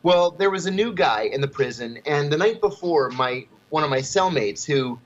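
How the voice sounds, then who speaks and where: A man telling a story at an even pace as a guest in an interview, with chuckles between phrases. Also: fairly high pitch, normal speed, dull audio.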